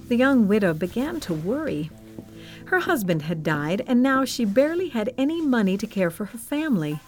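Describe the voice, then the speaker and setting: A woman narrating a Bible story for children in a gentle, expressive scripted style. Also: on the high side, normal speed, soft background music.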